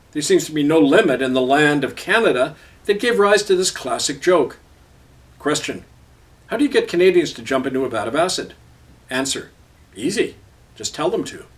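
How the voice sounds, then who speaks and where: A man's voice: fairly high pitch, far from the mic. A middle-aged man reading his own column aloud with a sardonic, biting delivery.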